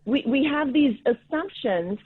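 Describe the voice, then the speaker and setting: A woman's voice: high-pitched, expressive, unhurried, husky, dry recording. A middle-aged woman guest on a radio interview, arguing her point emphatically with sarcastic asides. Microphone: phone. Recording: tinny phone line.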